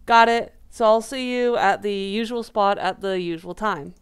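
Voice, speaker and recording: A woman voicing a laid-back teenage high school boy in a game, offhand and teasing. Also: normal speed, clean tone, natural voice.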